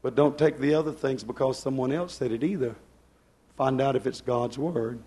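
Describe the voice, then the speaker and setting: A man preaching to a church congregation, fervent, swinging between loud outbursts and hushed asides. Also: medium pitch, moderate pace, breathy edge. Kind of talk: Pentecostal-style sermon. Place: church service.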